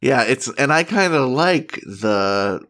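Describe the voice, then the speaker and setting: A man's voice: mid-range voice, sing-song, slow pace, fairly bright tone. A man co-hosting a podcast, chatting casually and reading product reviews aloud in a wry, mock-earnest way. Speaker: podcast co-host.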